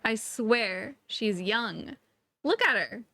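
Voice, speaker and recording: A young woman co-hosts a podcast in a slightly high, animated voice that is pushed and bright with vocal fry. The chat is casual and playful; she giggles often and hops quickly between tangents.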